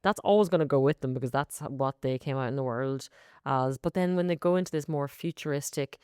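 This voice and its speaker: A woman co-hosting a music podcast, chatting casually in quick bursts. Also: extremely low pitch, darkish tone, clear, resonant tone, no echo, studio quality. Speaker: podcast co-host. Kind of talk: casual chat about music.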